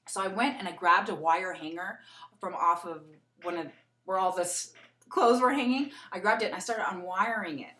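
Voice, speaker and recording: A woman's voice: mid-range voice, fairly quick. Chatty young woman in an echoey room. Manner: chatty and animated, with laughs while storytelling. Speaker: beauty vlogger. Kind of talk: casual get-to-know-me vlog.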